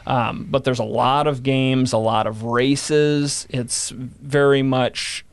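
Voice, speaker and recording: A guest historian chats on a podcast, explaining history and reading from old newspaper accounts with a few fillers. His clear, resonant, medium-pitched voice is fairly even, and he takes it slowly, with no echo.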